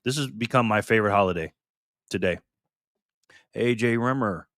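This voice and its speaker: A man's voice: fairly low pitch, normal speed, fairly bright tone, no echo, studio quality. An upbeat man hosting a live stream, chatting casually and greeting viewers by name. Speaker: livestream host. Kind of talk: casual live stream chat reading comments.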